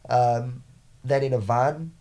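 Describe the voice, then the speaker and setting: A man's voice: medium pitch, steady tone, slow pace, dark tone. A young man, a podcast guest and business owner, telling stories in a rambling casual way with frequent swearing and restarts. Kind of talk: casual chat.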